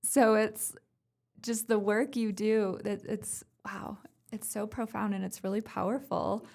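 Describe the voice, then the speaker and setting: A woman hosting a podcast, telling a personal story in a chatty way and often cutting in with quick affirmations. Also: medium pitch, flat delivery, creaky, a little mellow. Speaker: podcast host. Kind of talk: casual conversational podcast.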